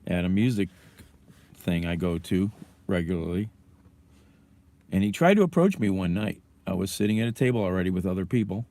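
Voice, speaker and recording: A man's voice: on the low side, mellow. A man hosting a casual livestream from his car, ranting angrily and swearing, then fumbling with his phone. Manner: angry, profane, ranting. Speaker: livestream host.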